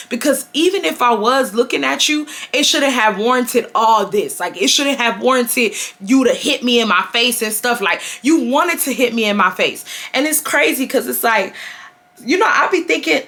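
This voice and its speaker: A woman in her twenties from Houston, Texas, telling a high school story to her viewers in a casual, animated way with lots of slang and swearing. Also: moderate pace. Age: 20s. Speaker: storytime vlogger.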